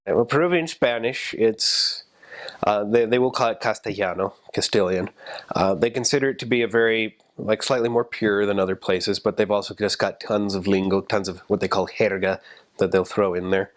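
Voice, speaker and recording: A man talking casually about language, explaining in a relaxed way with fillers. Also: fairly low pitch, moderate pace.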